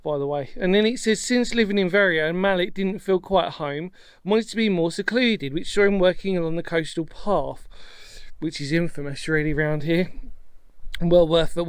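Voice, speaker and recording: A man's voice: on the high side, clear, resonant tone, no echo. A man chatting casually as a history vlog presenter on a coastal path outdoors, rambling and self-deprecating with lots of fillers.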